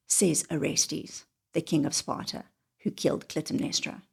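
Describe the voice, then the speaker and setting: A woman telling a wry, confessional personal story, often dropping into hushed whispered asides. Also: on the low side, expressive, unhurried, gravelly, husky.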